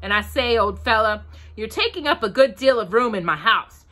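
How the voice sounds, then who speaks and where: A woman reading a children's storybook aloud, voicing a fussy, chatty male rabbit in a brisk way. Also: fairly high pitch, expressive, sharp tone.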